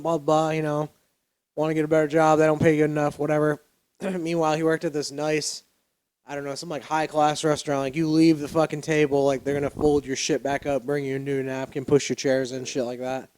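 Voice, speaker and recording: Male podcast co-host, slightly higher voice, casual rambling storyteller, loose and profane. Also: level tone, fast talker, a little mellow. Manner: rambling, laughing, fillers and profanity.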